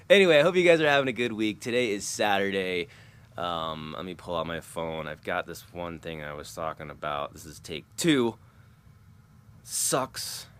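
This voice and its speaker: A vlogger with a low, clean-toned voice talks through a casual monologue. He rambles and chuckles as he loses his train of thought.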